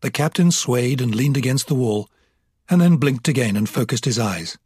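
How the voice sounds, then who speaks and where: Husky male narrator for a novel; steady, measured reading. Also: medium pitch, dry recording, clean studio sound. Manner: measured, even storytelling. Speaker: audiobook narrator. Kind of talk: scripted narration.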